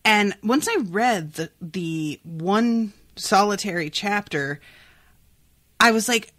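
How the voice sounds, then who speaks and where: A young woman hosting a podcast with a lively, swooping voice and a slightly sniffly sound. She chats casually, filling her talk with "like" and "um". The recording is close and dry. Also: medium pitch, a little slow, no echo. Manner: chatty, full of "like" and "um". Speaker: podcast host. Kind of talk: casual chat about a book.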